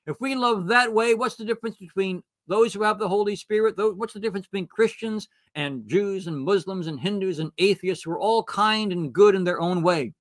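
A man's voice: high voice, brisk, few pauses, no room sound, clean studio sound. A man giving a retreat talk, telling a story with acted-out dialogue and reading scripture. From United States. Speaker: retreat speaker.

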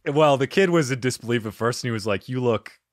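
A man's voice: medium pitch, animated, fast, no echo, clean studio sound. A male podcast host with an easygoing manner who laughs often. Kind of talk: casual podcast interview.

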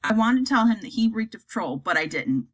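Female storybook reader, animated and slightly husky, does the character voices herself. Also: medium pitch, fairly quick, rough recording. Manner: acts out characters, lively delivery. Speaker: audiobook reader.

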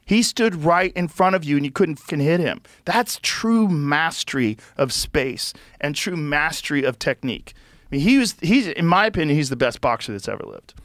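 Emphatic, swearing podcast host, fairly high voice. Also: male voice, expressive, moderate pace, no room sound, clean studio sound. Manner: emphatic, swears freely, acts out quotes loudly. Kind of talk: casual podcast chat.

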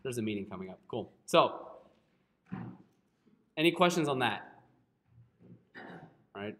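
Male coding teacher, live class, unhurried delivery, keeps checking in with the room. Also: medium pitch, animated, fairly bright tone. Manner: keeps checking in with "right?" and apologizes a lot. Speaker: coding instructor.

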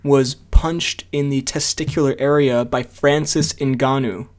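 A man's voice: medium pitch, steady tone, unhurried. A man co-hosting a casual podcast, joking and laughing often. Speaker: podcast co-host. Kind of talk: casual chat.

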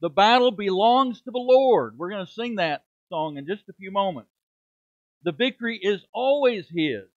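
Middle-aged male preacher, high pitch, emphatic sermon delivery, dull close recording. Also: expressive, normal speed, dry recording. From United States. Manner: emphatic preaching with rhetorical questions and dramatic drops in volume. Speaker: preaching minister. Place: church sanctuary.

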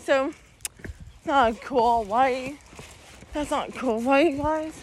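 A young woman vlogging outdoors while she walks, talking to her viewers in a rambling way and saying "you guys" constantly. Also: high voice. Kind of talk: casual walking vlog. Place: outdoors on a walk.

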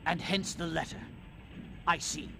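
A man's voice: fairly high pitch, a little slow, creaky, a crowd in the background. An actor playing a polite young man, the hero of a video game, speaking formally. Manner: courteous, formal.

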